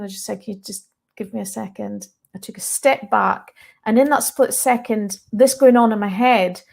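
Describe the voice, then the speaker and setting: A woman's voice: fairly high pitch, creaky. A woman with a Scottish accent, speaking to viewers as a mindset coach. She talks earnestly and candidly and is close to tears, with breaks of laughter. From Scotland. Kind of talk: personal story told to viewers.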